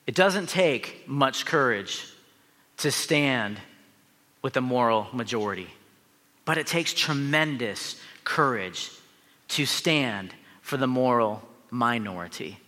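A man's voice: medium pitch, pushed and bright, long reverb tail. A man, a pastor, preaching a sermon in an earnest, emphatic way, with asides to the listeners.

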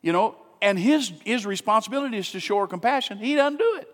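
Man, pastor, sermon, slightly high voice, rhetorical questions, long church reverb. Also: fast. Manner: animated, conversational preaching with rhetorical questions. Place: church sanctuary.

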